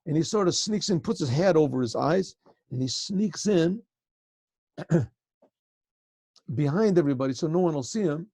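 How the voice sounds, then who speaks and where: Gravelly rabbi telling a story. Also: male voice, on the high side, lively intonation, normal speed, long pauses, mellow, dry recording. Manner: frequent throat clearing, loose conversational telling. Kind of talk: animated storytelling for a class. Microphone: video call.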